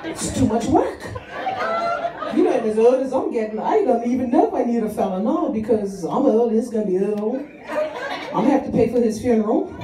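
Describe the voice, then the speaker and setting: Her voice is a little high against a noisy background as she performs a stand-up set for a live audience in a church hall. Chatty and self-mocking, she stretches her punchlines while laughter rings through the echoey hall, taped from a distance.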